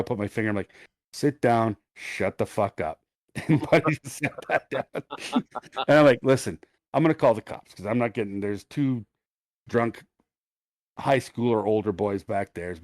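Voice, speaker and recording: A middle-aged man, co-hosting a podcast, tells an animated, profane story in casual chat. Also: on the low side, no echo, studio quality. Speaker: podcast co-host.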